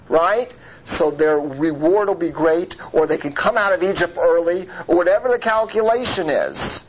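A man with a somewhat high voice teaches a Torah class, weaving Hebrew words into his English. He leans on rhetorical questions and keeps checking in with his listeners. The recording sounds muffled and lo-fi, with a faint noise underneath. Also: moderate pace. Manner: rhetorical, checks in with "right?" and "okay?"; mixes Hebrew terms into English.

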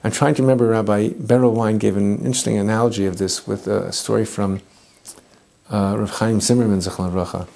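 Warm-voiced man telling a lively lesson. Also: fairly low pitch, a little fast, creaky. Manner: lively, humorous, sprinkled with Hebrew and Yiddish terms. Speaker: Torah teacher. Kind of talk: animated biblical storytelling lesson.

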